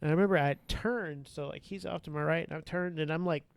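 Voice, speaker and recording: A man's voice: on the high side, fast talker, creaky, dry recording. Male guest storyteller with a clean, resonant voice and a dry close-mic sound, swearing freely while acting out scenes. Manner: profane, laughing, animated retelling. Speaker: podcast guest. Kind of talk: casual storytelling.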